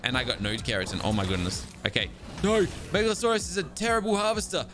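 A young man giving excitable let's-play commentary as he plays a survival game, chatting to his tamed creatures and breaking into exasperated outbursts. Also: on the high side, fast. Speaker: gaming video host. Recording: game music playing behind.

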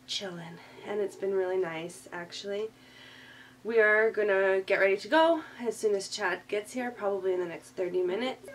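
A woman's voice: medium pitch, a little hiss or hum. A woman with a blocked nose from a cold, chatting casually as a mother vlogging and narrating her home birth, with plenty of filler words. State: congested from a cold. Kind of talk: casual vlog and voice-over commentary.

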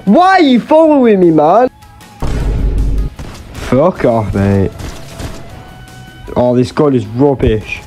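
A man's voice: on the high side, big pitch swings, takes it slowly, long pauses, mellow, soft background music. A young man giving swearing, exasperated, jokey commentary over his own gameplay. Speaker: gaming YouTuber.

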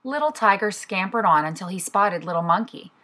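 A preschool teacher reads a picture book aloud to young children in an expressive storybook style. Her voice is medium-pitched and brisk.

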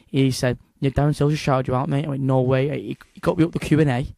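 Excitable young Manchester man, dry sound. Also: mid-range voice, quick pace, gravelly, dry recording. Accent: Northern English, Manchester. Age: young adult. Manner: excitable, rambling with restarts and local slang. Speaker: guest, young fighter. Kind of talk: casual interview chat.

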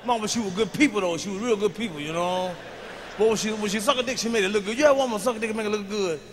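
A man performing a stand-up comedy routine on a big stage, telling profane stories with a swagger, jumping between shouts and low asides. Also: racing, in a large hall, background noise. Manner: loud, swaggering, profane storytelling with sudden shouts and drops to a murmur. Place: large live venue on stage.

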